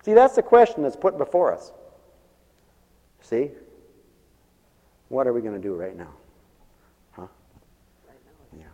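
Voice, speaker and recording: A man preaching a sermon as pastor, swinging between quiet asides and loud emphatic calls. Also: on the low side, animated, fast talker, long pauses. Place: church. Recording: muffled church recording with long reverb. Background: radio ministry broadcast of a church service.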